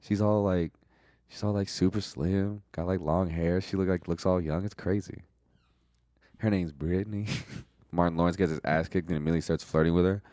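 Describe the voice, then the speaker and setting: A man's voice: sits low, fairly even intonation, fairly quick, mellow, no room sound, clean studio sound. A young man casually recapping a movie as a reviewer, loose and profane, full of "like", laughing at his own jokes. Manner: loose and profane, heavy use of "like".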